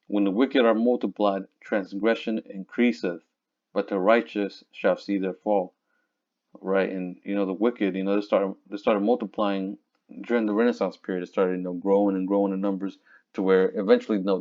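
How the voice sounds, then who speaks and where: A man teaching from scripture in a casual, conversational way, reading verses slowly and looking up words aloud. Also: on the low side, steady tone, a little mellow. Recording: dull lo-fi recording.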